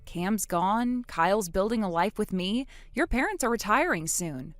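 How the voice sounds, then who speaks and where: A woman narrating a text message story as the wife, trading sharp, sarcastic comebacks. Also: medium pitch, animated, a little slow, no echo.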